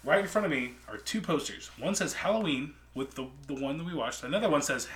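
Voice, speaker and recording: A young man co-hosts a loose, profane podcast chat, his voice bright and clear. He tells stories with big swings, dropping to low grumbles and then bursting out loud. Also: brisk. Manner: profane, animated storytelling with big swings in loudness. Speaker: podcast co-host. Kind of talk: casual chat.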